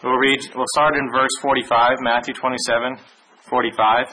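A man giving a Bible lesson, reading verses aloud in a measured way with small restarts. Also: mid-range voice, flat delivery, sharp tone, a little hiss or hum, low-quality recording. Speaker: Bible teacher. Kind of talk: sermon with scripture reading.

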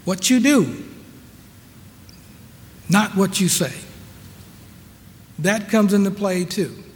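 A man preaching a sermon, slow and emphatic, repeating his rhetorical questions to the congregation. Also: high voice, animated. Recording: long reverberant hall.

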